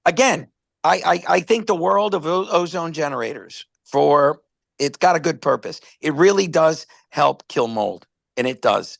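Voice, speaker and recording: A man's voice: on the high side, expressive, normal speed, vocal fry, no echo. A man casually presenting a product on a live stream, rambling through stories and stumbling over repeated words.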